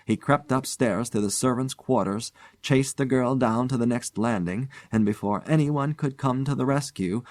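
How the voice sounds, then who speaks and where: A man's voice: mid-range voice, dry recording, natural voice. A man reading the part of an elderly spinster aunt, eager and strong-willed, in a spoken ghost story.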